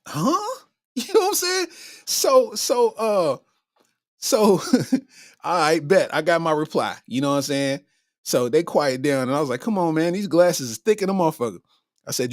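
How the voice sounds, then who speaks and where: Animated man telling a story. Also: on the high side, no room sound, clean studio sound. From Kentucky. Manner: animated, acts out his own reactions. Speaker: comedian host. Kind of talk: casual storytelling.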